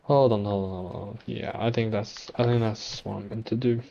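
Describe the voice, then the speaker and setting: A man giving gameplay commentary, reacting loudly and talking to the creatures he meets on screen. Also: fairly low pitch, fairly even intonation, normal speed, gravelly, lo-fi sound. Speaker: gameplay streamer.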